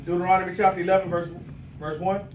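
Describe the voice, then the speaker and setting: Very high-voiced man reading scripture. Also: flat delivery, fast, dull audio, a little hiss or hum. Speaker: scripture reader. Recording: distant mic in an echoey room.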